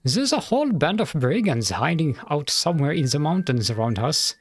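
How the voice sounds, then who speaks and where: A man's voice: a little high, big pitch swings, moderate pace, breathy edge. A man voicing a weary, philosophical male town sheriff, reading game dialogue aloud in a mock German accent with a friendly, musing manner. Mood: informative.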